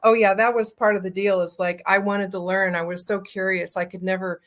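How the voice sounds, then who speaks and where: A woman guest in an interview, telling family stories in a chatty, animated way with many fillers. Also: mid-range voice, a little fast. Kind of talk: casual storytelling.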